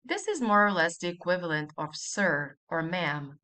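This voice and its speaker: A woman's voice: lowish voice, animated, normal speed, pushed and bright. A woman teaching a language lesson, patiently repeating each example and asking the listener to say it after her.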